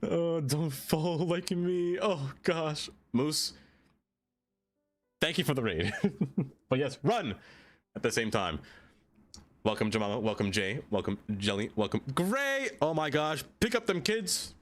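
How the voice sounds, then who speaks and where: A man with a somewhat high voice speaks a little slowly and pauses often while streaming a city-building game. The chat is casual and playful; he gets excited easily, laughs a lot, and greets viewers by name.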